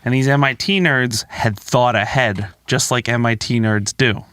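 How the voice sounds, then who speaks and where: A man's voice: mid-range voice, moderate pace, fairly bright tone, clean tone, no echo. A man co-hosting a casual podcast, telling a story with jokes and swearing. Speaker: podcast co-host.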